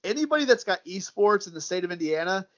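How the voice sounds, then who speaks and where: A man's voice: sits high, big pitch swings, fast, lo-fi sound. A man with a Midwestern American accent, chatting loosely as a podcast guest, repeating words and calling his host "dude" and "man". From United States. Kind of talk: casual chat.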